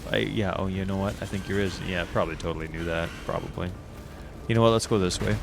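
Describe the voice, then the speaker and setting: A man chatting casually while playing a video game, curious and thinking out loud, with bursts of giggling. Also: sits low, fairly even intonation, quick pace, vocal fry, background noise. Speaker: gaming streamer. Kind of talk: casual gameplay commentary.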